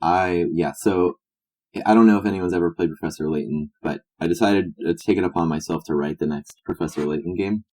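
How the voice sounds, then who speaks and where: A man co-hosting a comedy podcast, rambling through a silly improvised pitch. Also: brisk, darkish tone. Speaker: podcast co-host. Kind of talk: casual comedic chat.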